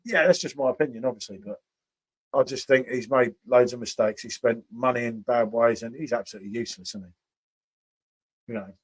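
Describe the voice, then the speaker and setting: A man's voice: medium pitch, moderate pace, husky. A man hosting a casual beer review livestream, chatting with viewers by name and tagging questions onto his sentences. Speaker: beer review channel host.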